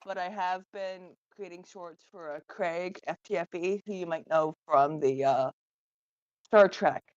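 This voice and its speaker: Female player, hoarse, soft and hesitant, muffled dry call sound. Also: on the low side, steady tone, unhurried, no room sound. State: losing her voice. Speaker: tabletop game player. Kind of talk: casual chat over a call. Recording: dull lo-fi call audio.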